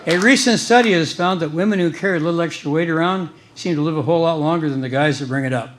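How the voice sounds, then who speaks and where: Deadpan man telling stage jokes. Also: fairly high pitch, fast talker, background noise. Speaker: stand-up comedian.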